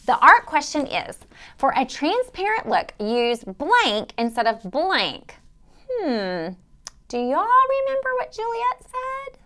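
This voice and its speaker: A woman playing an enthusiastic young quiz-show host who talks excitedly to the kids watching. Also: sits high, slow pace, full character voice. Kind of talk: amateur stage skit.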